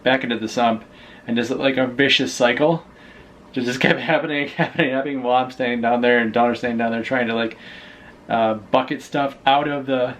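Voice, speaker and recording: A man's voice: medium pitch, a bit bright, slight background noise. Rambling man co-hosting a vlog. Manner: rambling, halting, many restarts. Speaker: vlog co-host. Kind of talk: casual chat.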